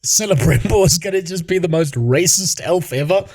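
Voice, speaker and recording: A man's voice: high voice, darkish tone, a little hiss or hum. A male streamer ranting casually in a mocking tone, laughing often and rambling. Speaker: streamer host. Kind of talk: casual rant.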